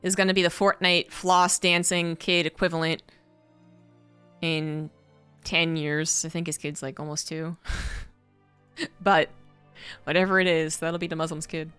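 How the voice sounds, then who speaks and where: Bright, crisp-voiced woman telling a story. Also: deep voice, a little slow, long pauses, faint music behind. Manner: animated, rising to incredulous outbursts when quoting herself; chatty, profane, laughs through the tale. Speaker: esports caster. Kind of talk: casual storytelling while casting.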